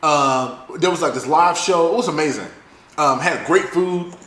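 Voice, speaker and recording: High-voiced man, exasperated chat. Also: moderate pace, a bit bright, echoey room. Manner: exasperated, rambling recounting. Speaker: podcast co-host. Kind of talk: casual chat.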